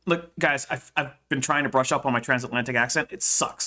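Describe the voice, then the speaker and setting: A man's voice: medium pitch, fast talker, few pauses, bright, forceful tone. A man hosting a casual livestream, joking and reading a text aloud with chatty asides. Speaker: host.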